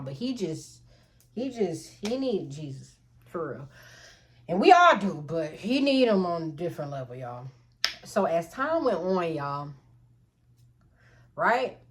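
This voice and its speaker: Lively woman telling a story. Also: on the low side. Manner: animated, profane, talks straight to viewers. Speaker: storytime vlogger. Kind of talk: casual storytime.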